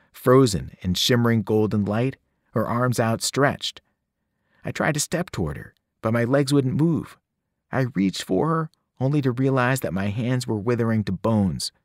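A man, a teacher, reading a novel aloud with expressive storytelling. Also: mid-range voice, moderate pace, dry recording, clean studio sound.

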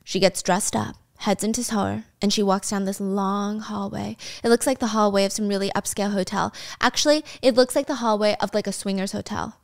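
A woman's voice: medium pitch, steady tone, fairly quick, gravelly, few pauses. A woman casually recapping a drama story, chatty and sarcastic, with swearing and laughing asides.

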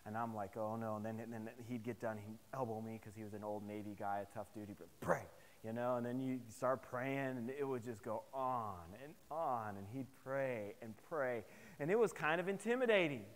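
A man preaching a sermon to his congregation, telling personal stories in an animated, humorous way. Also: mid-range voice, moderate pace, big-room sound. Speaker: pastor. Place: chapel service.

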